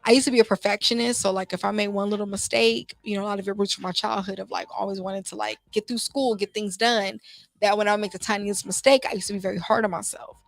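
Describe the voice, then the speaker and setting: A woman's voice: medium pitch, fairly even intonation, fast talker, gravelly, no room sound. Heartfelt young woman hosting a talk show. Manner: heartfelt, conversational, lots of "you know" and restarts. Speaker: host. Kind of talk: casual motivational talk show. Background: faint music.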